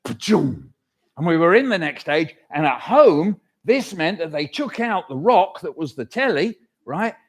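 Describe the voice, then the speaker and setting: Older storyteller, high and animated, playing to a crowd of children. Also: male voice, moderate pace, hardly any pauses. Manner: animated, leads audience call-and-response. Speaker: children's author performing. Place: hall at live awards event.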